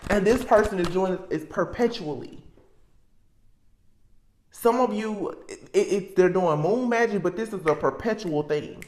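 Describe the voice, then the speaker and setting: A woman gives a casual spoken tarot reading, pressing her points and circling back to repeat them as she works her thoughts out aloud. Her voice sits at a middling pitch. The room around her adds a noticeable echo. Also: a little slow, pauses often, noisy background. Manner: emphatic, repetitive, thinking aloud. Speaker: tarot reader. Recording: roomy echo.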